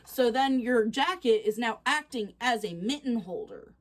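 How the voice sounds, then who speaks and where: A chatty, excitable woman casually reacting to posts on her vlog, quick to laugh. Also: a little high. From Canada. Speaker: reaction channel host.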